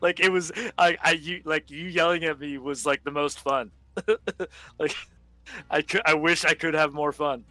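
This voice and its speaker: A man's voice: on the high side, fairly even intonation, bright, forceful tone, no echo, poor audio. A man in his twenties chatting casually about old online games, rambling with many fillers and swear words, often breaking into laughter. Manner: quick bursts of laughter while storytelling. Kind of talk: casual gaming chat.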